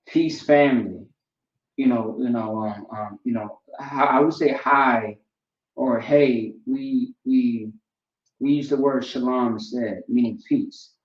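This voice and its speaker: A man teaching a language class in a casual, relaxed way, often checking in with "right?" and "you know". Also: mid-range voice, slow. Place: classroom, writing on a board. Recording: roomy, distant, dull lo-fi sound.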